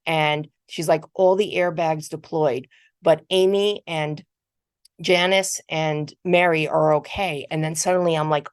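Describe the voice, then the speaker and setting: A middle-aged woman giving a motivational keynote, telling a personal story in a conversational, animated way and often repeating words. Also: deep voice, a little slow, dry recording, studio quality. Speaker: keynote speaker. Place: virtual conference talk.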